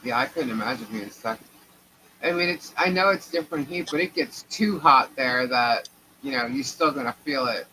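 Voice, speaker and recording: A woman's voice: rumbling low, normal speed, pushed and bright, slight background noise, low-quality recording. A middle-aged woman co-hosting a live stream, telling a long family story in a rambling, chatty way and laughing between sentences. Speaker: livestream co-host.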